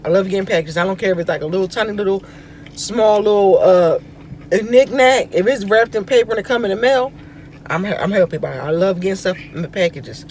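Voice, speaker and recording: Woman from florida, vlog host, chatty storytelling, expressive, in a car, faint background noise. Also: medium pitch, fairly quick. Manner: chatty, expressive, voice rises for quoted reactions. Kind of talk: casual storytelling chat. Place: inside a car.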